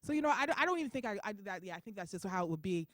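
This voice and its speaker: Fast-talking woman doing stand-up. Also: mid-range voice, no room sound. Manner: quick, animated storytelling. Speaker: stand-up comedian. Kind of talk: stand-up comedy.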